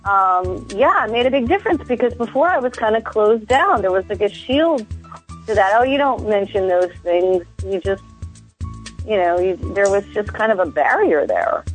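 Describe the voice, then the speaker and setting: A woman's voice: mid-range voice, very animated, normal speed, soft background music. A woman guest on a radio talk show, speaking earnestly and with enthusiasm in casual conversation. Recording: dull, dry, lo-fi line.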